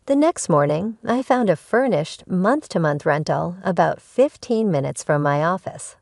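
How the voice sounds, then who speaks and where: A woman's voice: lowish voice, lively intonation, a little slow, vocal fry, darkish tone, dry recording, clean studio sound. A woman narrating a first-person family drama story in an emotional, pointed way.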